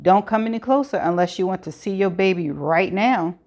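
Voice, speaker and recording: A woman's voice: mid-range voice, animated, fairly quick, darkish tone, lightly acted. A woman voicing a cold, calculating male killer who talks in a weary, mocking way.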